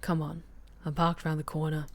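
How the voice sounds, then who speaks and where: A woman voicing a gruff, sardonic male vampire informant who talks in a gravelly, dry, grumbling way. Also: level tone, moderate pace. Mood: wry. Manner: dry, grumbling, low-key.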